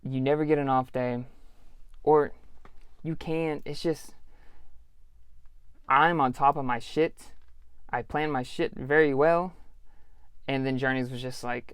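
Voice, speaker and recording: A man in his thirties vents on his own podcast, cursing freely and talking in loose, slangy sentences. His voice is smooth and clear, and the recording is dry and close. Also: fairly high pitch, normal speed, dry recording. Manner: profane, frustrated ranting; casual, slangy storytelling. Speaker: podcast host. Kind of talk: solo podcast monologue.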